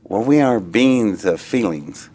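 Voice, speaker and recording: A man being interviewed, telling a long story in a rambling, excitable way that often trails off and starts again. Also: on the low side, slow, husky. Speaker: interviewee recounting an experience.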